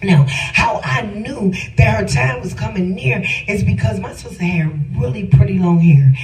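A middle-aged woman with a mid-range, darkish voice shares a personal testimony with feeling, speaking emphatically and addressing her listeners directly. The distant mic gives a roomy sound with faint music behind her.

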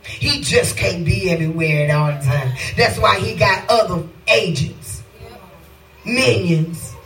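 Woman preacher mid-sermon, gravel in the voice, shouts and sings her lines, echoing hall. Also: fairly low pitch, slow pace, distant mic. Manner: preaching cadence, bursts into shouts and sung phrases.

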